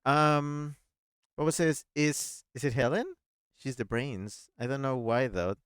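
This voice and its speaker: A man hosting a casual game stream, reading chat aloud and thinking out loud in a playful, chatty way. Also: medium pitch, a little slow, smooth, no echo, studio quality. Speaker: gaming streamer, host.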